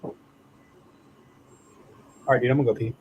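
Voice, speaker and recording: A man's voice: medium pitch, little pitch movement, normal speed, dull audio. Man, Southern US accent, casual livestream chat, joking, cussing, faint background noise. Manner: loose, laughing, swears freely, says dude a lot.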